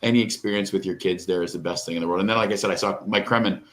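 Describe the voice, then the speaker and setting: Low-voiced middle-aged man telling a heartfelt story. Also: steady tone, rapid-fire. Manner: rambling and emotional, tearing up. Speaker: podcast co-host. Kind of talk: casual chat.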